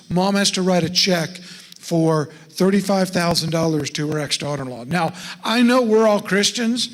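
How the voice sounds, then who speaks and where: High-voiced man talking in an echoey church. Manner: folksy, asks the audience questions. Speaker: estate planning speaker at a church. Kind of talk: folksy seminar talk to a congregation. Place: church sanctuary.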